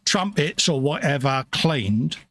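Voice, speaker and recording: A man's voice: on the high side, lively intonation, slow, a bit bright, no echo. A man co-hosting a casual livestream, chatty and jokey, chatting with viewers. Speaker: co-host of a modelling livestream. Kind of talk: casual chat.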